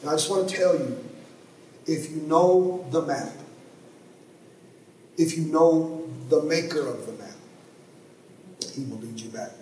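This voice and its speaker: Animated pastor in an echoey church. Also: male voice, on the high side, unhurried, long pauses. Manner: animated storytelling, voice rising and dropping sharply for dramatic effect. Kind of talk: sermon with storytelling. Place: church sanctuary. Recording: echoey church, mic at a distance, faint noise.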